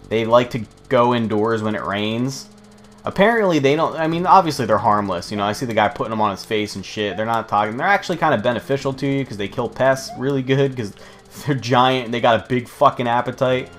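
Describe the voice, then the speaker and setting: A man's voice: mid-range voice, a bit bright. A young man rambling and swearing freely while commenting on his gameplay. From United States. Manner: rambling, profane, chatty. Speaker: let's play host.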